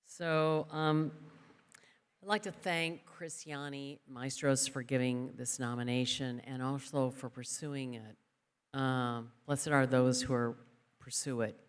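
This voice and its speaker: A woman's voice: very deep voice, fairly even intonation, takes it slowly, clean tone. A woman giving an award acceptance speech in a large event hall, chatty and joking, with fillers. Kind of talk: ceremony speech. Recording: long hall reverb.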